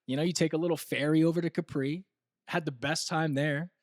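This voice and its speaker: A young American man co-hosting a podcast, telling stories in a casual, laughing, animated way. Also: on the high side, fairly quick, no room sound, studio quality. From United States. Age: young adult. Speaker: co-host.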